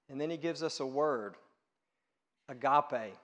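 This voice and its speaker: A middle-aged male pastor preaching a sermon, emphatic and swinging between hushed and loud delivery. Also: mid-range voice, measured pace, big-room sound.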